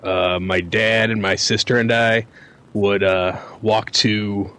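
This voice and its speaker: A man's voice: lowish voice, takes it slowly. Man casually reminiscing. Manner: relaxed reminiscing with fillers. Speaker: podcast co-host. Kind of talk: casual chat.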